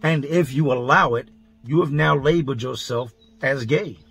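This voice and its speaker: A vlogger recounts his prison experiences in a casual monologue, blunt, profane and heavy with street slang, walking through events blow by blow. His mid-range voice is creaky, a bit bright and breathy at the edges, at a moderate pace.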